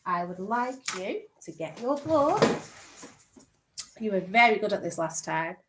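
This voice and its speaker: A woman teaching a recorded phonics lesson to young children, sounding out letters and praising them warmly. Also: mid-range voice, very animated, noisy background. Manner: slow, encouraging, sounds out letters. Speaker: reception class teacher.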